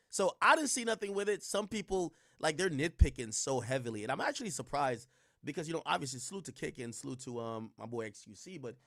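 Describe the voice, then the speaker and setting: A man's voice: fairly high pitch, fairly bright tone, dry recording, clean studio sound. A man streaming casual reaction commentary, rambling and slangy with frequent restarts.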